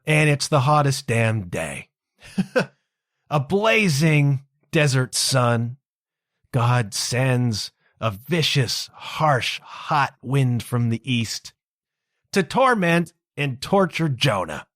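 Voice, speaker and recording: Irreverent male podcast host, lively storyteller, dry close sound. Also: mid-range voice, slow pace, dry recording. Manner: animated, irreverent, conversational. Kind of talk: casual storytelling monologue.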